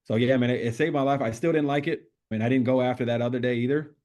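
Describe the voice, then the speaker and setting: In a laid-back podcast interview, a middle-aged man spins lively stories, cursing openly and performing other people's lines. His voice sits at medium pitch and he speaks fast.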